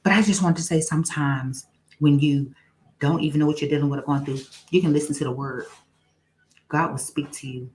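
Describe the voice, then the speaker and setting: A woman's voice: deep voice, fairly even intonation, fairly quick, dark tone, slight background noise, low-quality recording. A young woman hosting a casual live stream, greeting viewers by name and testifying about her faith. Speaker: livestream host.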